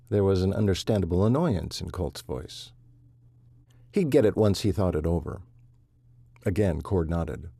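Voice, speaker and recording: A man reads an audiobook in a measured, steady manner. His voice is low, mellow and husky. The recording is close and dry, with no room sound. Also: dry recording. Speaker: audiobook narrator. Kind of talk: audiobook narration.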